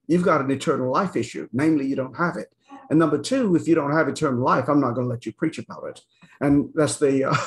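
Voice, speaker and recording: Speaking in a mid-range voice, a male Bible teacher delivers an informal lecture. His talk is conversational and full of fillers, punctuated by "okay?" check-ins, and he retells scripture in a casual paraphrase.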